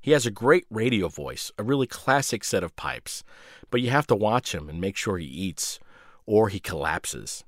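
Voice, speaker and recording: Sardonic, deep-voiced man reading a story. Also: sing-song, normal speed, a bit bright, no echo, studio quality. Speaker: radio host. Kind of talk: reading his own short story.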